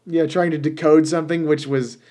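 A man's voice: fairly high pitch, steady tone, fairly quick, dark tone. A man co-hosting a podcast, chatting casually about a film and thinking aloud as he goes. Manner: musing, trails off and restarts. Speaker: podcast co-host.

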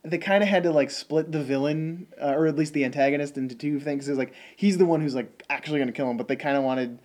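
A man's voice: fairly high pitch, fast talker, a little mellow. A man co-hosting a podcast, talking casually about a movie with lots of fillers and restarts. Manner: chatty, many fillers and restarts. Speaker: podcast co-host. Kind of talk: casual film discussion.

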